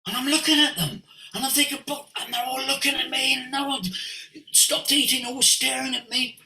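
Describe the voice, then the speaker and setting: An older man, a voice coach, tells stories in an expressive way, moving between hushed asides and sudden exclamations. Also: extremely high pitch, normal speed, vocal fry. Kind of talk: animated storytelling. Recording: roomy echo.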